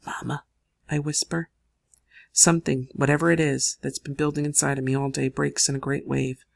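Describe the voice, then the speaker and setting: Gravelly audiobook narrator. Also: male voice, medium pitch, level tone. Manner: measured first-person storytelling.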